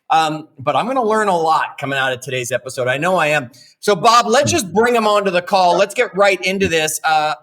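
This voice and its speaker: A man's voice: a little high, fairly bright tone. A man co-hosting a podcast, chatting in an upbeat way. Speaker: podcast co-host. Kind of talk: podcast interview.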